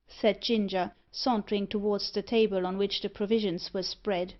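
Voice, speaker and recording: A woman narrating a classic novel in a measured storytelling manner. Her pitch sits in the middle range, and the recording is dull and lo-fi. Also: fairly even intonation. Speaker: audiobook narrator. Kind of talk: scripted narration. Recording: muffled lo-fi audiobook recording.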